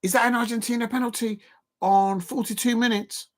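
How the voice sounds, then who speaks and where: A man hosting a live football watch-along stream, rambling and excitable, full of fillers and repeats. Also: very high voice, fairly quick.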